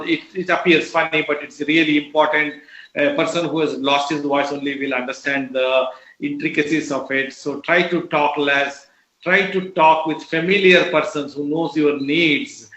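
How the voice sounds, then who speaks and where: A middle-aged man with an Indian English accent explains health advice in a measured lecture, pausing often on "uh". His voice is strained and a little raised in pitch for a man. The sound is dull and lo-fi, with a roomy echo. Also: sharp tone. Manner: measured, explanatory, frequent uh fillers. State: voice lower than usual from strain. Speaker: doctor giving a health talk. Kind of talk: medical lecture with slides. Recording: echoey, dull lo-fi recording.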